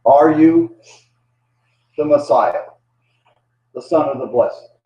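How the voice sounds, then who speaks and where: A man voicing an indignant male high priest at a trial, speaking in a raised, demanding voice. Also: slow pace. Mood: accusing. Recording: dull, distant, echoey room sound.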